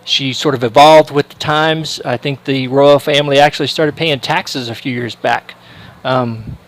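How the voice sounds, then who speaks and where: A man's voice: medium pitch, fairly even intonation, normal speed, poor audio. A male sports livestream commentator making casual chat, telling a rambling story full of fillers and restarts.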